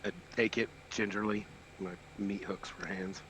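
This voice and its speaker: Bright-voiced, laughing male player. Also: fairly low pitch, level tone, normal speed, a little hiss or hum, low-quality recording. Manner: laughs often, upbeat. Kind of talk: casual tabletop play and chat.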